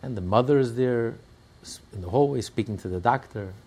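A man teaching a religious text class, telling stories and breaking into shouts and laughter. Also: medium pitch, fairly quick, husky. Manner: storytelling, bursts into shouts and laughter. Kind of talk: animated Torah class with storytelling.

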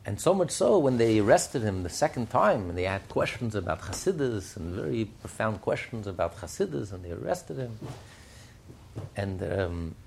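A man's voice: fairly low pitch, sing-song, normal speed, creaky, a little mellow, a little hiss or hum. A man giving a Chassidic Torah lesson, firing rhetorical questions and telling stories. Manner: fires rhetorical questions, storytelling. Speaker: Torah teacher.

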